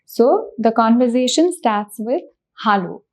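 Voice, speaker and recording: A woman's voice: on the high side, animated, a little slow, a little mellow. A woman teaching a language lesson, patiently repeating words and breaking them into syllables. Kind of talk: slow spoken language lesson.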